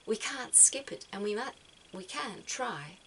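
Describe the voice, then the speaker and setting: Soft-spoken woman giving gentle advice. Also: on the high side, expressive, a little slow, slight background noise, rough recording. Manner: soft-spoken, repeats words as she thinks. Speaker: spiritual vlogger giving advice. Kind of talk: gentle reflective talk.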